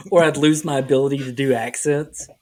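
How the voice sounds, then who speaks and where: A man's voice: mid-range voice, steady tone, moderate pace, darkish tone. A middle-aged man co-hosting a podcast in casual chat, rambling and self-deprecating, with frequent stammers and restarts. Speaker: podcast co-host.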